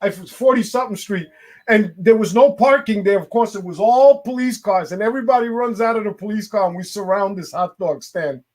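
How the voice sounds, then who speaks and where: A man with a notably high voice chatting casually with a friend. He tells stories in an animated way and drags out words for emphasis. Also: fairly quick. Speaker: friend calling in. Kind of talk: casual chat.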